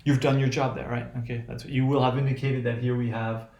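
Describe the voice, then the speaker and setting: A man's voice: medium pitch, level tone, fast talker, darkish tone, lo-fi sound. Hesitant man lecturing in an echoey room. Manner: hesitant, many restarts and fillers, frequent "right?". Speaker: teacher. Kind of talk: lecture on English intonation.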